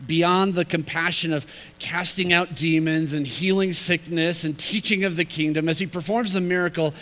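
A man preaching a sermon in an animated, humorous, conversational way. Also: on the high side, normal speed, rough recording. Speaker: pastor.

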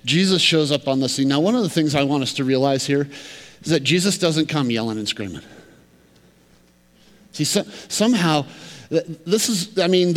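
High-voiced preacher in a reverberant hall. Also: male voice. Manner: conversational, emphatic, swings from loud to quiet. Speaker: pastor. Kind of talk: sermon. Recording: long reverb of a large hall.

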